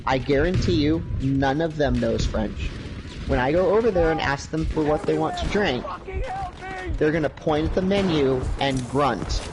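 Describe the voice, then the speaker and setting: This livestream co-host has a fairly high voice and speaks at a normal pace while recounting a long travel story in casual conversation, acting out the voices of its characters. Music and noisy game audio with gunfire run in the background.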